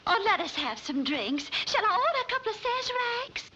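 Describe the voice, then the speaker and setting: A conniving swindler dressed up as a helpless southern belle, her put-on drawl breathy and coaxing. Her voice sits very high and swings widely. It comes through a dull, muffled 1940s film soundtrack. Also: sing-song, a little fast, pushed and bright, slight background noise, full character voice. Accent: put-on American Southern. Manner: breathy, coquettish, melodramatic pleading. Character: scheming female swindler feigning a swooning southern belle. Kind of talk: 1940s film comedy acting.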